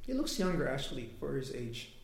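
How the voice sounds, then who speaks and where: In an echoey room, a preacher with a mid-range, sing-song voice and some vocal fry delivers a conversational sermon at a fairly quick clip. He tells a personal story, quotes people, and laughs between his points.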